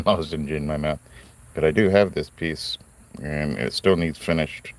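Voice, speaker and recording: A man's voice: rumbling low, steady tone, measured pace. A man hosting a casual live stream, chatting in a rambling, friendly way and greeting viewers by name. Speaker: livestream host cutting stones.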